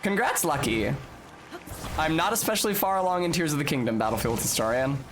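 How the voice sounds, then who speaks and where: A man's voice: a little high, expressive, brisk, a bit bright, slight background noise. A young man streaming a game, chatting casually and explaining at length, with the odd swear. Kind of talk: live game stream chat.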